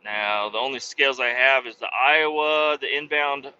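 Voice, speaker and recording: A truck driver tells road stories from his cab in a casual, profane, animated vlog. His voice is smooth and medium-pitched at a moderate pace, and the recording has a dull lo-fi sound.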